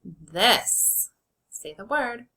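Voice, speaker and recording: A woman teacher leading an early reading lesson for children, sounding out words slowly and clearly and encouraging them as friends. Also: a little high, expressive, sharp tone, poor audio.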